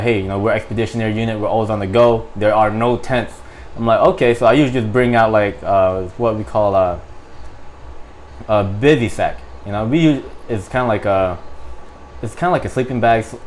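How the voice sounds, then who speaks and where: A young adult man, a Marine guest on a podcast, telling a story in casual, animated, profane talk full of fillers. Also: lowish voice, a little hiss or hum.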